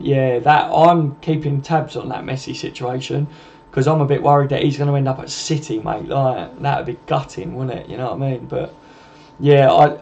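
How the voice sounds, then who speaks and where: Man, mellow tone, casual chat, faint noise behind. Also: medium pitch, creaky. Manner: chatty, matey, addresses viewers as mate. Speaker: host. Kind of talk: casual live-stream chat reading comments. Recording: dull lo-fi home stream with faint noise.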